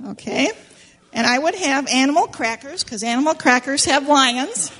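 A woman leads a Sunday school lesson, telling a story to children in an animated, playful way. She keeps stopping to ask the kids questions. Her voice sits a little high. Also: moderate pace. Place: church classroom with children.

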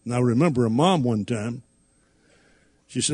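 A man's voice: mid-range voice, normal speed, warm tone. A man preaching a sermon, reading King James scripture and using folksy everyday stories.

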